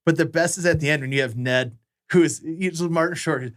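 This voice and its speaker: A man's voice: on the high side, a little fast, fairly bright tone, no echo, studio quality. A man co-hosting a podcast, chatting casually about a film, laughing often and acting out movie lines. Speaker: podcast co-host.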